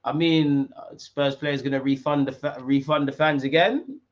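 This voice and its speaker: A young man, commentating a football match live with street-slang banter and sudden shouts. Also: on the high side, steady tone, moderate pace, muffled recording. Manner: banter-heavy, mocking rival fans in street slang, bursts into shouts at big moments. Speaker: football watch-along streamer.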